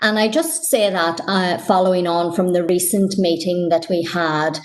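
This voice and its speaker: A Northern Irish woman councillor speaking in a council meeting, frustrated and emphatic, pausing on fillers. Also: lowish voice, fairly even intonation.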